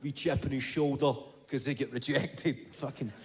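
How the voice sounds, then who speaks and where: A Scottish man in his thirties doing stand-up comedy, telling an animated, profane story. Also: mid-range voice, moderate pace, creaky.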